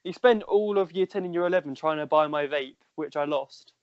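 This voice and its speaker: A young man on a casual podcast, teasing his friends with quick interjections. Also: on the high side, clear, resonant tone, no echo, highs cut off. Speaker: podcast co-host. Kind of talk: casual chat.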